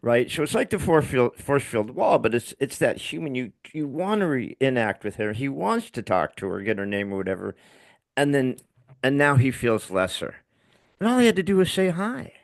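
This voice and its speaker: A man's voice: mid-range voice, very animated, moderate pace, creaky, dry recording. An older man hosting a podcast, chatting casually and acting out little scenes with the odd swear word. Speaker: podcast host.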